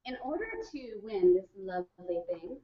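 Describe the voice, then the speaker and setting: A woman's voice: mid-range voice, lively intonation, moderate pace, distant mic, highs cut off. A woman co-hosting a casual talk show, chatty with wry asides. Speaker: co-host. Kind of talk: casual chat.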